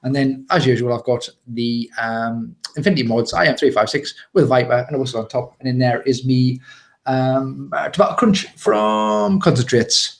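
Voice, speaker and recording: A British man co-hosting a live show, chatting casually and excitedly, rambling with fillers and laughs. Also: mid-range voice, normal speed. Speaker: co-host.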